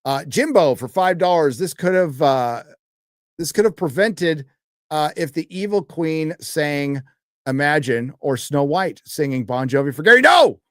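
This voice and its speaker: Speaking in a fairly high, unhurried voice, a man from the United States reads viewer donations and messages aloud while hosting a casual live stream. He's offhand and crude, with many fillers, and the studio-quality audio has no room sound.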